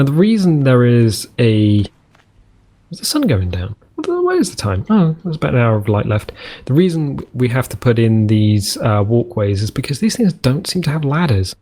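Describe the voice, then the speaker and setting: A man's voice: mid-range voice, darkish tone. A man commenting on a survival game as host, rambling and jokey, often correcting himself as he goes. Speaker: let's play host. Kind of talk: gameplay commentary.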